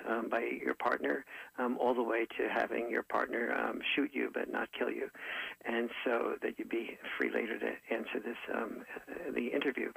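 A man who wrote a book, answering interview questions in a thoughtful way, often pausing with fillers and restarting his sentences. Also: mid-range voice, creaky, fairly bright tone, slightly rough, no room sound, rough recording. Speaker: author and interview guest.

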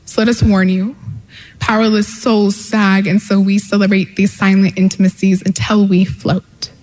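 A woman performing spoken word poetry in a lyrical, measured, rhythmic way. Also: medium pitch, level tone, a little mellow. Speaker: poet. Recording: echoey hall.

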